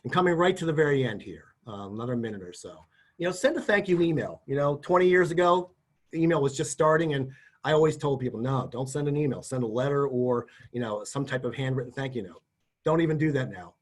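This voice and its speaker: A man's voice: mid-range voice, lively intonation, fairly quick. A middle-aged man giving practical job interview advice in a conversational, folksy way, often acting out sample lines. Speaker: career services presenter. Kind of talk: instructional talk.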